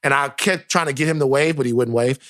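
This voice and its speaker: A man co-hosting a podcast, telling stories in a casual, animated way and repeating phrases for emphasis. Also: mid-range voice, fast talker. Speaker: podcast co-host. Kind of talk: casual chat, animated storytelling.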